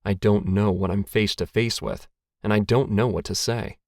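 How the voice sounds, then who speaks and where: A man's voice: fairly low pitch, steady tone, moderate pace, a little mellow, no echo. A man reading a first-person short story aloud, with a dry, wry, self-mocking tone. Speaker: narrator.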